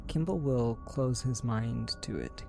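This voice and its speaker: A man playing a tabletop role-playing game who speaks in a slow, hushed way. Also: medium pitch, expressive, creaky. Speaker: player. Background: faint music.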